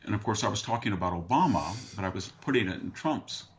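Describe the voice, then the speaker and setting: A man's voice: on the low side, expressive, fast talker, slight background noise. An older man, a guest on a talk show, telling long dry anecdotes in conversation and slipping into other people's voices to quote them. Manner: dry, anecdotal, mimics others mid-story. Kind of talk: conversational storytelling. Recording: dull lo-fi remote audio.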